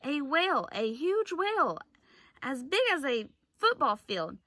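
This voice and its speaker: A woman's voice: sits high, big pitch swings, a little slow, pushed and bright, no room sound, studio quality, voice pushed up, full character voice. Annie, an eager little girl, as a woman reads her. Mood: excited. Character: excited young girl adventurer. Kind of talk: read-aloud storybook voice.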